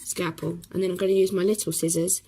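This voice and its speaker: Brief: hoarse woman, chatty craft tutor, lowish gravelly voice. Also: little pitch movement, fast talker, mellow, poor audio. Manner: chatty, talks while working, many ums. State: hoarse from a cough.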